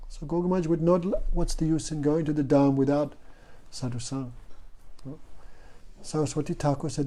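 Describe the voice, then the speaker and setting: His voice is a little high and warm, with little pitch movement, at a normal speed. The man is a spiritual teacher telling stories in a devotional class and repeatedly asking listeners "no?".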